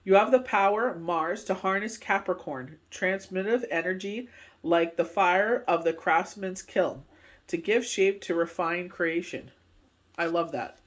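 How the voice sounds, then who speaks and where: A woman's voice: lowish voice, unhurried. A woman doing a casual, rambling tarot card reading, full of filler phrases and asides. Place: speaking from Canada.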